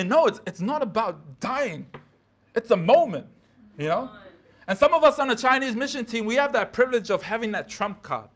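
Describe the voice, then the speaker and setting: A man's voice: sits high, fairly bright tone. A man preaching a midweek sermon in a church, talking casually with slang and asides.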